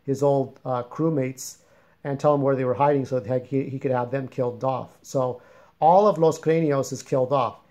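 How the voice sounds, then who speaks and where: A man talks through the plot of a story he wrote, keeping it loose and conversational. His pitch sits in an ordinary middle range for a man. He wanders a little and doubles back without any polish. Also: fairly even intonation, normal speed, warm tone. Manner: rambling, informal, plain-spoken retelling. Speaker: fiction writer summarizing his story. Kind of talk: casual spoken story summary.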